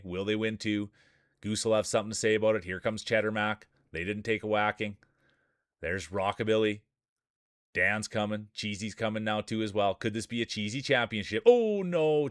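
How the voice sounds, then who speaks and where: A man with a fairly low, smooth and resonant voice calls the action like a sports commentator, playful and excitable as he hypes up players and cracks jokes. The sound is close and dry, with no room around it. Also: fairly quick, dry recording. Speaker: streamer and game commentator.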